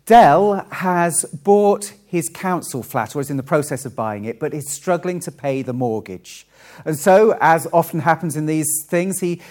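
A man from Wales preaching a friendly sermon with frequent ums and pauses. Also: on the high side, a little mellow. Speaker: pastor.

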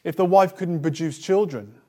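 A man preaching a sermon, reading Bible verses aloud and explaining them in a conversational way with light asides, his phrases often trailing off softly. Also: high-pitched, moderate pace. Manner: reads scripture then explains it, trailing off softly at phrase ends.

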